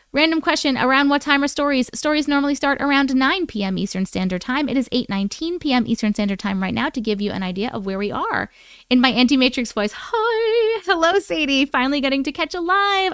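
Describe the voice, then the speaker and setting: Bright-voiced woman greeting live chat. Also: high voice, clean tone, dry recording, studio quality. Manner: chatty, greets viewers by name, quick thank-yous. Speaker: livestream host reading chat. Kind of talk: casual live-stream chat. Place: at home.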